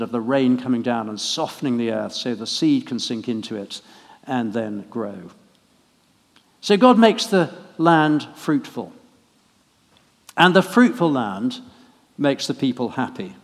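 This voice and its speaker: A man from England preaching a harvest sermon in a church, conversational and gently humorous. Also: mid-range voice. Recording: long church reverb.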